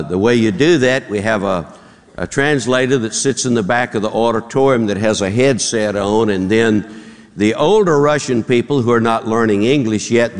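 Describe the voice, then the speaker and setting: A man with a Southern accent preaching a sermon, a folksy storyteller who jumps his pitch up high when acting out jokes. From Charlotte, North Carolina area. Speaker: pastor. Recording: long hall reverb.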